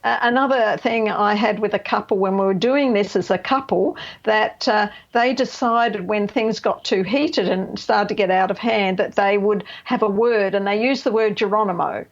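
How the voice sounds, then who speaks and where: A middle-aged woman counsellor speaks as a radio guest in a gravelly, creaky voice. She explains things emphatically, often checking in with "right?" and "you know". The audio is slightly dull and lo-fi. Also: medium pitch, moderate pace, hardly any pauses. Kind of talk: radio interview.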